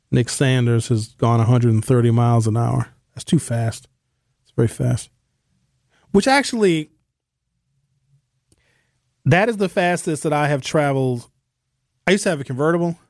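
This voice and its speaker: A man's voice: medium pitch, gravelly, a little mellow, dry recording. A man hosting a casual talk radio show from a studio, joking and offhand. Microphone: studio mic.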